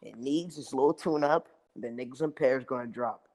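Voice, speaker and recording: A man's voice: medium pitch, fairly quick, darkish tone. A young man talking brashly in hyped-up slang during casual podcast chat.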